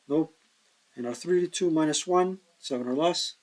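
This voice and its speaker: A tired man thinking aloud in a slow mutter as he plays a board wargame solo, counting hexes and working out dice rolls. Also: fairly high pitch, darkish tone, low-quality recording. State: tired, yawning.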